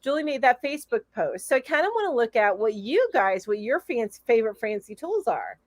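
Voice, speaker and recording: A woman's voice: a little high, very animated, fairly quick. A woman co-hosting a live crochet chat over a video call. She talks in a rambling, chatty way and laughs often. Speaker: podcast co-host. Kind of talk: casual live-stream chat.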